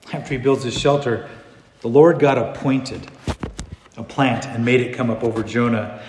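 A high-voiced man preaching a sermon in a church hall, his voice ringing with long reverb. He swings between loud, animated stretches and low, hushed passages. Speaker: pastor. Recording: echoey hall.

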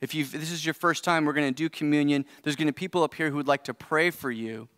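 A man's voice: a little high, fast, a bit bright, no room sound, studio quality. A man in his forties preaching a sermon as pastor, earnest and conversational, thinking aloud as he goes. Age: 40s. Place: church service.

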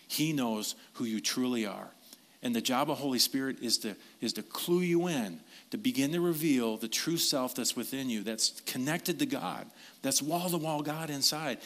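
A man preaching a sermon in a relaxed, conversational way, tossing in asides and questions to his listeners. His voice has a bright, forceful edge. He keeps the delivery animated and direct. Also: medium pitch. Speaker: pastor.

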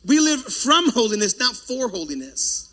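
Preaching at a moderate pace, this pastor has a very high, sing-song voice and delivers his sermon with loud force. Every so often he stops to joke with the congregation.

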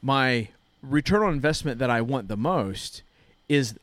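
A man's voice: mid-range voice, expressive, unhurried, a bit bright, no room sound. Man, earnest storyteller, casual chat, dry close sound. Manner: earnest storytelling, frequent restarts.

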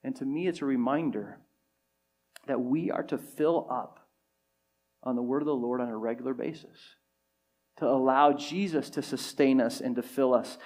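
A man's voice: medium pitch, a little mellow. A man preaching a sermon to his congregation, retelling stories and acting out the quoted dialogue as he goes. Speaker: pastor. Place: church service before a congregation.

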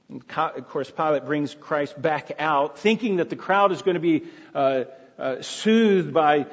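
Husky male preacher in an echoey hall. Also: a little high, muffled recording. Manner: retelling in plain storytelling tone with frequent restarts. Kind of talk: sermon.

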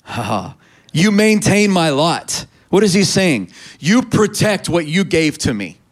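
Preaching man with a higher voice. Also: expressive, a little slow. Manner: preaching with call-and-response urging. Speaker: pastor. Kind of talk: sermon.

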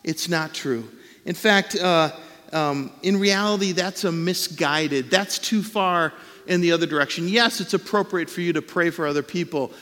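A man's voice: fairly high pitch, normal speed, pushed and bright, in a large hall. A man preaching a sermon as pastor in a conversational way, acting out the voices he quotes.

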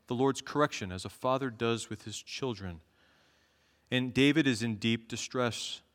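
A man preaching a sermon as pastor, earnestly reading scripture aloud and slowing down for each verse. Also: medium pitch, fairly bright tone. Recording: long echo of a large hall.

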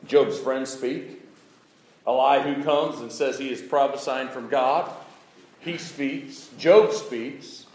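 A male pastor preaching a sermon, swinging from loud pleading to a hushed near-whisper. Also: mid-range voice, takes it slowly. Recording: roomy echo.

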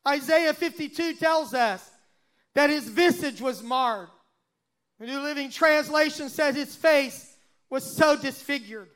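A pastor preaching a sermon and reading scripture aloud, with dramatic swells and sudden hushes. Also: male voice, very high-pitched, a little slow. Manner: dramatic, swelling and dropping to a hush.

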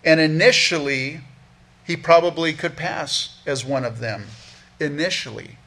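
A man's voice: a little high, measured pace, vocal fry, pushed and bright. A man preaching as a pastor, earnestly teaching through a Bible passage verse by verse, often repeating words as he restarts a thought.

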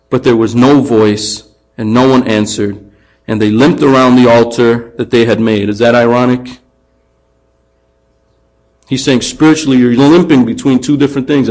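Animated male preacher. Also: medium pitch, low-quality recording. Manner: animated, acts out taunts in raised voice. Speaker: pastor. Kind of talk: sermon.

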